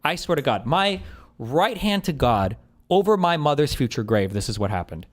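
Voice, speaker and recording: Animated, exasperated male streamer. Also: mid-range voice, normal speed. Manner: swearing, exasperated, animated storytelling. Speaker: streamer reacting to clips. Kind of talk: casual reaction commentary.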